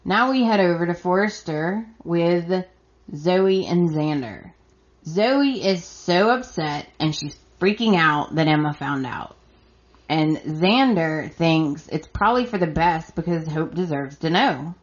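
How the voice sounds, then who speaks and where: A woman's voice: on the low side, expressive, slow pace, dull audio. A woman hosting a podcast and recapping a soap opera in a chatty, exasperated way, acting out her own reactions. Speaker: podcast host.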